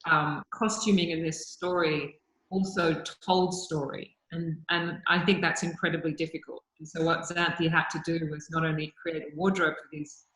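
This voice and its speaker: A woman's voice: sits low, level tone, moderate pace, fairly bright tone, roomy sound, rough recording. A woman speaking earnestly on a panel over a video call, hesitant and full of fillers. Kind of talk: casual panel discussion.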